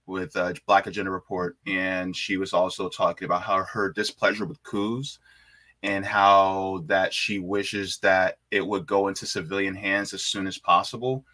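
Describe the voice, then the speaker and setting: A man's voice: low-pitched, flat delivery, normal speed, bright, forceful tone. A man hosting an interview over a video call, speaking hesitantly with many filler words and restarts. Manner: hesitant, full of uhs and restarts. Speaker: podcast host. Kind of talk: casual interview.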